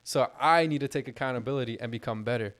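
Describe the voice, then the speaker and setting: A man's voice: mid-range voice, fast, a bit bright. A young man co-hosting a casual podcast, talking bluntly and animatedly with lots of swearing. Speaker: podcast co-host.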